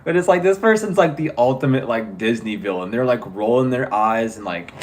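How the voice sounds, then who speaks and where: A man's voice: medium pitch, animated, moderate pace, hardly any pauses. Blunt, profane man doing a tarot reading. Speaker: tarot reader. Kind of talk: casual spiritual reading.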